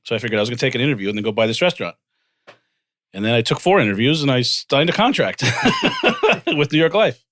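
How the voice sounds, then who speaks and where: Fast and medium-pitched, a man in his forties shares his career path as a guest in an informal interview, bringing characters to life through quoted dialogue. He co-founded a financial firm. The studio audio is clean and free of echo.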